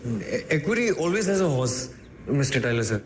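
An actor playing an earnest, literal-minded young clerk. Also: male voice, medium pitch, big pitch swings, fairly quick, noisy background, natural voice. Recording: film clip with clear outdoor ambience.

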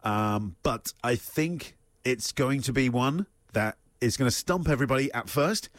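A man's voice: medium pitch, normal speed, few pauses, no echo. A man co-hosting breakfast radio, rambling with hesitations and dry humor. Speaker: radio co-host. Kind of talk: casual breakfast radio chat. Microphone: studio microphone.

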